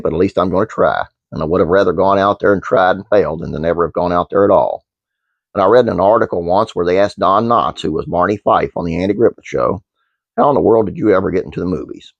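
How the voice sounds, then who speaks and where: A man's voice: deep voice, quick pace, gravelly, no room sound, lo-fi sound. A man hosting his own channel, reading a trivia script aloud with fillers and restarts, then chatting casually to viewers. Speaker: channel host.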